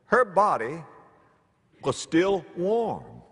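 A male preacher telling stories from the pulpit, his voice leaping from hushed lows to ringing highs. Behind him is the long reverb of a large church sanctuary. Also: very slow, breathy edge. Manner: animated, dramatic swings in pitch and loudness. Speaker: pastor. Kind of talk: storytelling sermon.

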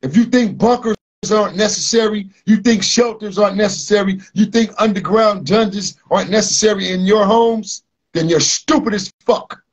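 A man's voice: high-pitched, breathy edge. A man hosting a podcast, talking bluntly and profanely, speaking straight to his listeners. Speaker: podcast host. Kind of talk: casual podcast rant.

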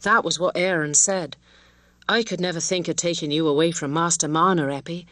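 A woman's voice: fairly low pitch, fairly even intonation, a little fast, a bit bright, no room sound, close to an everyday voice. A woman reading the part of an affectionate, ingenuous young village woman speaking plainly and tenderly. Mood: fond, ingenuous.

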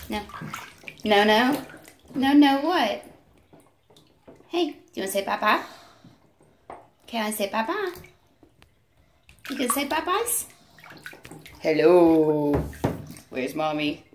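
A woman's voice: sits high, lively intonation, slow pace, long pauses, a little hiss or hum. A woman filming a toddler at home, coaxing in sing-song baby talk and asking for animal sounds. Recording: echoey home video.

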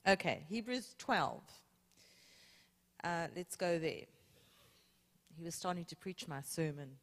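A woman's voice: on the low side, animated, slow, big-room sound. A woman, a guest preacher teaching from scripture with playful emphasis. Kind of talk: sermon. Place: church sanctuary.

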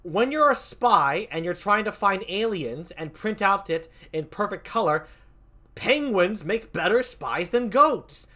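A man hosting a comedic presentation game, excitable and rambling, tripping over his words. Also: high-pitched, unhurried.

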